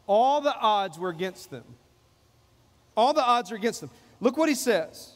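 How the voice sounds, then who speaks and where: High-voiced man preaching in an echoing hall. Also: very animated, normal speed. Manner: preaching with repetition, acting out quoted voices. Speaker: pastor. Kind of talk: sermon.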